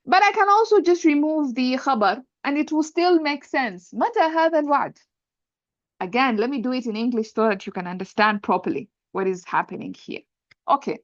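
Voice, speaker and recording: A woman's voice: high-pitched, animated, brisk, no room sound, lo-fi sound. A woman teaching an Arabic grammar lesson, patiently explaining step by step and often checking with "right?". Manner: patient, repeats points, checks understanding with "right?".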